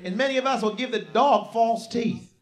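A man preaching a sermon, telling a story and swinging from low, quiet lines to loud shouted outbursts, leading the congregation in call-and-response. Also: normal speed.

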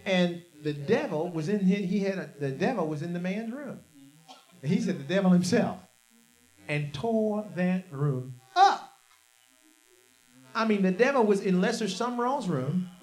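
A man preaching a sermon, telling a story and swinging from low, quiet lines to loud shouted outbursts, leading the congregation in call-and-response.

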